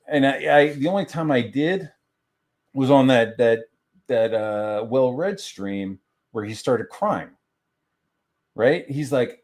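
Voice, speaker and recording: A man's voice: medium pitch, lively intonation, a little slow, a little mellow. A man and crowdfunding creator ranting casually on a stream, heated and swearing constantly, often restarting his sentences. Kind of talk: profane casual rant on a stream.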